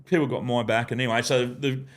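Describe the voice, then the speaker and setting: In a podcast studio, an Australian guest who used to be a ground announcer shares anecdotes at a quick pace, his mid-range voice keeping fairly even intonation. The chat is casual; he curses freely and performs other people's lines as he tells his stories.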